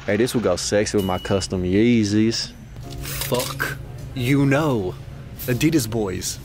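A young man vlogging as he hunts for vintage clothes, joking around, reacting to finds with sudden excited exclamations. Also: fairly low pitch, takes it slowly, music in the background. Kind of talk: casual running commentary while thrifting.

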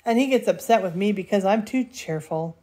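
Grandma doing a jolly chuckly little dwarf, super cheerful. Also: female voice, mid-range voice, expressive, fairly quick, mellow, close to an everyday voice.

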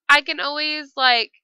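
A woman's voice: fairly high pitch, bright, forceful tone, dry recording, muffled recording. A woman giving casual, emotional commentary while playing a life-simulation game, with frequent dramatic exclamations. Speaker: let's play gamer.

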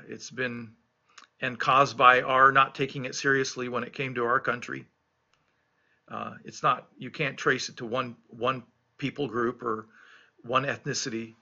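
A middle-aged man preaches a devotional reflection, earnest and emphatic, circling back to repeat his key phrases. His voice is very bright and forward, though the recording sounds dull and lo-fi. He is a pastor still recovering from an illness. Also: medium pitch.

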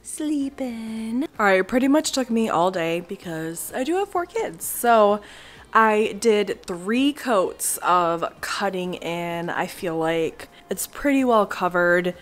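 Speaking to a camera mic at home, a woman in her thirties who vlogs about home renovation chats casually and upbeat, rambling about painting her living room. Her medium-pitched voice is expressive and slow.

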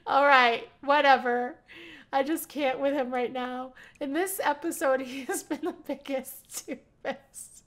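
A young woman hosting a life-sim game channel, giving excitable casual commentary with frequent squeals and laughter. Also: high voice, a little slow. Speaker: gaming channel host. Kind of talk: casual let's-play commentary.

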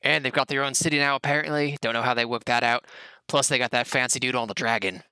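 A man's voice: medium pitch, steady tone, fast, sharp tone, smooth, dry recording. A man voicing a foul-mouthed goblin guide at a fort, blunt and offhand. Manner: blunt, casual, dismissive.

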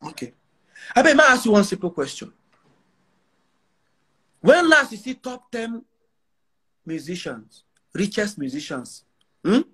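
Brash Nigerian man, husky voice. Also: high voice, big pitch swings, a little slow, pauses often, pushed and bright. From northern Nigeria. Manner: brash, defiant, repeats phrases for emphasis. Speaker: interviewee. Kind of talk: boastful interview talk.

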